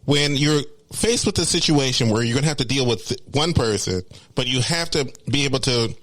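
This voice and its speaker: A man's voice: medium pitch, expressive, moderate pace, a bit bright. A man in a casual chat who mostly listens with murmured agreement and then adds his own thoughts. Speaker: podcast co-host.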